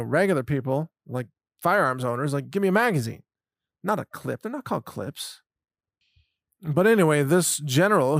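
A man's voice: fairly high pitch, no room sound, clean studio sound. A man giving a solo commentary monologue, sarcastic and mocking, with scoffing laughs. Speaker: political commentator.

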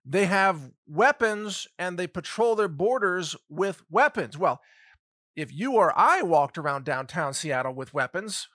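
A man with a high, sharp, bright voice runs a one-man commentary. He is sarcastic throughout and piles up rhetorical questions with short chuckles. The sound is close and dry, with no room echo. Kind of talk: solo commentary monologue.

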